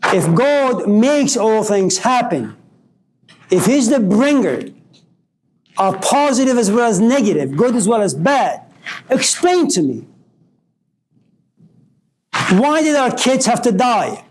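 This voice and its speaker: A man's voice: very high voice, big pitch swings, slow, long pauses, poor audio. A man giving a philosophy lecture, posing provocative rhetorical questions.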